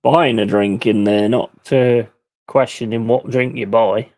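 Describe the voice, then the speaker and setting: A man's voice: medium pitch, fairly even intonation, unhurried, a little mellow, no echo. A middle-aged man hosting a live stream, ranting bluntly and swearing freely in casual chat. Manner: mimics other people in quoted voices. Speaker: livestream host.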